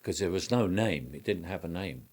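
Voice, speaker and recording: A man's voice: low voice, expressive, normal speed, a little mellow, breathy edge. An older man, an actor reminiscing in an interview, rambling with frequent restarts and small chuckles.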